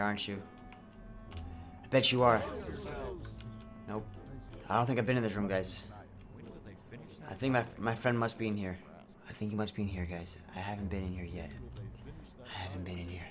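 A young man giving crude, excitable comedy commentary over a game, swinging from low mutters to high squeals. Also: moderate pace, pauses often, music in the background. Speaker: gameplay streamer. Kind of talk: comedic let's play commentary.

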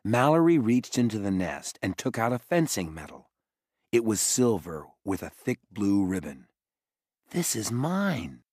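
Husky low male audiobook narrator. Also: normal speed, no room sound, clean studio sound. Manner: expressive storytelling. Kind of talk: scripted narration.

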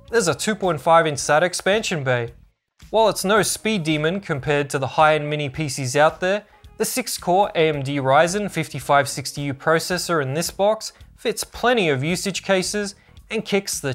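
A man narrating a scripted product review as a tech channel host, upbeat and informative. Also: fairly high pitch.

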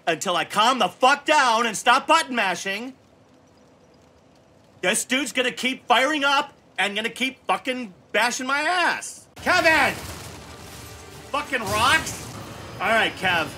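A man's voice: extremely high pitch, pushed and bright. A man in his fifties giving profane, exasperated gameplay commentary and scolding the game aloud. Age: 50s. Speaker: gaming channel host.

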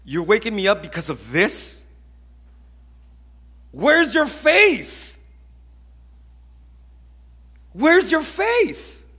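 Man playing a woken-up, exasperated Jesus, scolding, bright lively voice. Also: a little high, measured pace, slightly rough, heavily acted. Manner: scolding, rising into loud emphatic questions.

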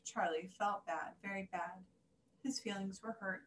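A woman reading a children's story aloud in an animated, singsong way. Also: fairly low pitch, moderate pace. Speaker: story reader. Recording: echoey room, faint hiss.

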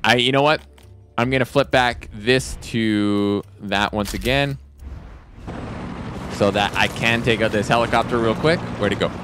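A man's voice: medium pitch, unhurried, over music. A man playing a video game, joking and thinking aloud in casual let's-play commentary. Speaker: gaming streamer. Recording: game sounds and noise behind.

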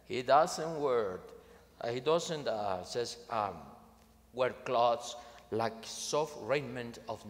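A male priest delivers a sermon with a lively, swooping pitch and an unhurried delivery. He is emphatic and drops in dry humor. His voice rings through a large, reverberant hall. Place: large conference venue.

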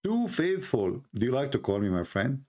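A man's voice: lowish voice, fast, darkish tone. A man hosting a mocking commentary, sarcastic, laughing often, in broken English. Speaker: channel host.

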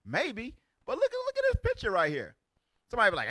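Animated, bright-voiced man in his forties. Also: high-pitched, quick pace, no room sound. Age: 40s. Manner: loud, exclamatory, street-talk banter. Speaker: teacher of a religious group. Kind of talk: animated preaching commentary on videos.

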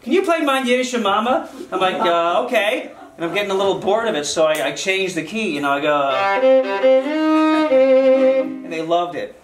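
A man's voice: fairly high pitch, moderate pace, long pauses. A man telling a wry, chatty anecdote between songs at a concert, acting out quotes as he goes. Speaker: musician telling a story on stage. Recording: echoey hall, from far off, music behind.

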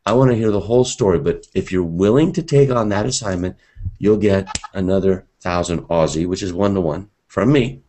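A man's voice: low-pitched, brisk, warm tone. A man teaching a live seminar, talking energetically and conversationally and speaking directly to his audience.

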